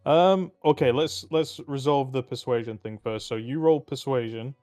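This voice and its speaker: A young man running a tabletop game as game master, calmly describing scenes and explaining rules. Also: mid-range voice, normal speed, faint music behind.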